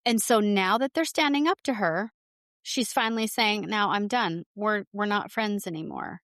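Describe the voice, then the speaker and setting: Woman co-host, mid-pitch, dry close mic, blunt and exasperated, heavy swearing. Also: moderate pace, fairly bright tone, no room sound. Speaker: podcast co-host. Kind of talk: casual chat recapping reality TV.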